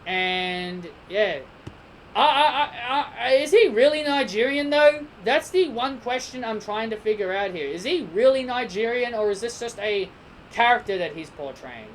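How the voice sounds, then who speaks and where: A woman's voice: on the high side, animated, normal speed, a little hiss or hum, low-quality recording. Rambling woman reviewing a wrestling show. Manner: rambling and opinionated, with frequent restarts. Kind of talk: casual spoken review.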